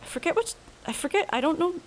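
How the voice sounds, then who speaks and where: A woman's voice: very high voice, expressive, quick pace, soft background music. A woman streamer chatting casually over gameplay, rambling and self-mocking while reading dialogue aloud.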